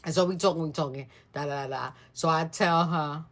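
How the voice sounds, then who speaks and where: Low-voiced woman telling a family story. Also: brisk. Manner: animated, mimics other people's voices. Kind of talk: casual storytime chat.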